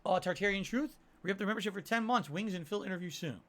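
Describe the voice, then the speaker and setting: A man's voice: high-pitched, fast talker, a bit bright. A man hosting a casual livestream, chatting defensively with viewers and reading their messages aloud, often tagging on "right?". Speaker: livestream host reading super chats.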